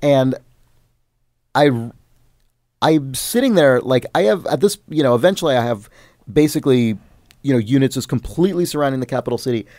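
A man's voice: mid-range voice, animated, brisk, long pauses, darkish tone, dry recording, studio quality. Man telling a rambling, sweary game story. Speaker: podcast host. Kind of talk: casual chat.

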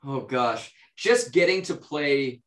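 Being interviewed as an actor, a man from the United States answers in a relaxed, slow, rambling way, full of ums, fillers, and restarts. His voice has a middle pitch, and the recording carries a roomy echo.

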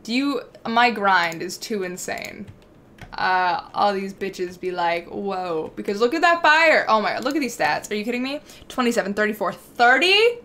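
At normal speed and in a mid-range voice, a young woman live-streams a game with a slight hiss or hum on the recording. She's casual and excitable, cursing freely and trading banter with her chat.

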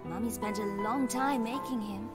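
Woman as a gentle mother, soft soothing voice, slightly high, loud game music behind. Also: moderate pace, lightly acted. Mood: tender. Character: loving young mother, tender and gentle. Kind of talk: video game voice acting.

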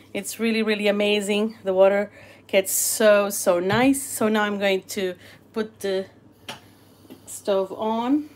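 A woman's voice: medium pitch, echoey room, slight background noise. A woman hosting a live cooking stream from her home kitchen, bubbly and greeting viewers as she cooks. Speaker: cooking channel host. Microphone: phone.

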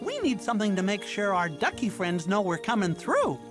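A woman's voice: medium pitch, wildly swooping pitch, normal speed. A woman voicing a cheerful male cartoon mouse who leads the way and coaxes viewers to call out, over background music. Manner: upbeat, coaxing the audience to call out.

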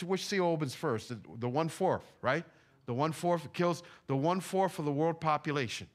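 Animated conversational preacher, a man. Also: fairly high pitch. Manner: animated, conversational preaching with slang and repeated phrases. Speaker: pastor. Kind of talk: sermon. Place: church sanctuary.

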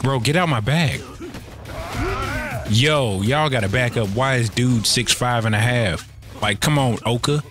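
A man's voice: medium pitch, a little slow, long pauses, over music. Man trash-talking through his gameplay. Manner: loose, profane, slang-heavy banter with playful trash talk at the screen. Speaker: let's play gamer. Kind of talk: casual gameplay commentary.

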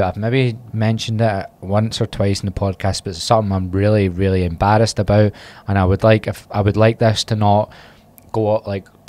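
Scottish male fitness coach, podcast host, lower register, candid casual ramble. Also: a little mellow. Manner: candid, self-mocking and rambling. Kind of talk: casual solo podcast chat.

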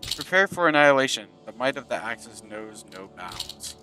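A man reading out the lines of a boastful, menacing male enemy general from a war game, slow and theatrical, over loud game music. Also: mid-range voice, natural voice. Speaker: villain general read aloud by a gamer.

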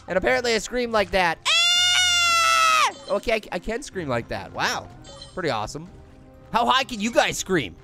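A man voicing a cocky, hyper talking pear who brags about his gaming skills while playing a video game, slangy and prone to high squealing screams. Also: sing-song, fairly quick, gravelly, loud music behind the voice, full character voice. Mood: excited. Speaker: game commentator. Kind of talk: let's-play cartoon commentary.

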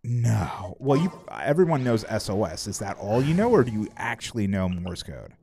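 A man's voice: lowish voice, very animated, normal speed, vocal fry, warm tone, a little hiss or hum. A man streaming a game, chatting casually, swearing freely and laughing often as he rambles with restarts. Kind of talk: casual live-stream chat while gaming.

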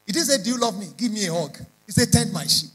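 A man's voice: high voice, lively intonation, quick pace, husky, rough recording. A man preaching a sermon, emphatic and repeating lines in rising prayer chants. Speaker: pastor.

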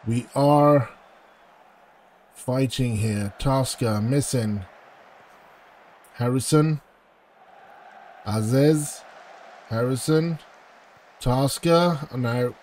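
Commentating his football management game for a let's play, this gaming channel host sounds anxious, begging his team and groaning at missed chances with frustrated outbursts. He speaks in a mid-range, darkish voice, very slowly with long pauses, over slight background noise.

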